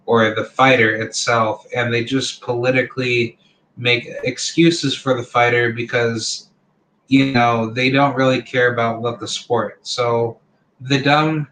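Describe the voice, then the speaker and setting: Channel host, male, 30s: slow, unhurried delivery, blunt and rambling, filler-heavy. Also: mid-range voice, pushed and bright, a little hiss or hum, rough recording. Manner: rambling, full of fillers like "you know" and "like"; opinionated, blunt. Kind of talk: casual opinion monologue.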